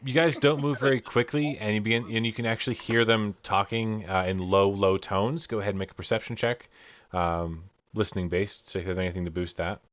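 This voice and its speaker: Low-voiced man running a tabletop game. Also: steady tone, fairly quick, a bit bright, no echo, lo-fi sound. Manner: casual, with fillers and restarts. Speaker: game master. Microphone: video call.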